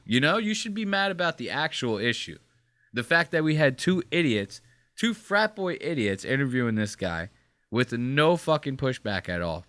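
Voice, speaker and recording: A man's voice: mid-range voice, very animated, normal speed, a bit bright, no room sound. A man co-hosting a casual podcast, ranting with swearing and mock quotes, of Puerto Rican background. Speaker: podcast co-host.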